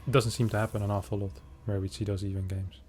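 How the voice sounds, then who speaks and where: A man casting a strategy game match in a chatty, joking way, reacting fast to the play. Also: fairly low pitch, level tone, darkish tone, a little hiss or hum. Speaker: esports caster. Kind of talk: casual game commentary.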